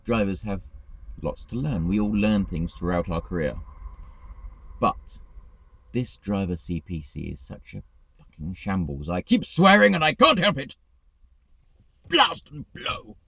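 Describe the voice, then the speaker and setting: A man's voice: sits low, very animated, a little slow, gravelly, a bit bright, no room sound. A man, a truck driver, ranting in a vlog, exasperated and swearing freely.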